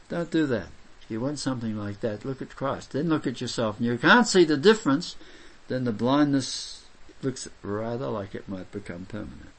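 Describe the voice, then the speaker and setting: Man preaching with emphatic delivery, voice rising and falling in a lively way, loud exclamations set against soft asides. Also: medium pitch, moderate pace. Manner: reads scripture aloud and expounds it. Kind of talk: sermon.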